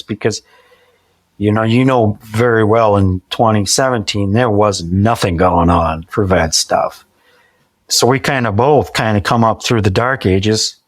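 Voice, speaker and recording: Chatty and prone to restarts and repeated words, a forties-aged male podcast guest animates the dialogue he quotes while telling conversational stories. His pitch is medium, and the dry recording has no echo.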